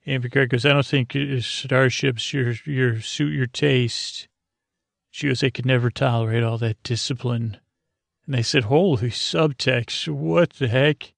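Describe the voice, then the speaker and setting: Gravelly flat-voiced man recapping. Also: medium pitch, unhurried, dry recording. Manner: meandering, lots of uh fillers, paraphrases dialogue loosely. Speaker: podcast host. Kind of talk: drowsy episode recap.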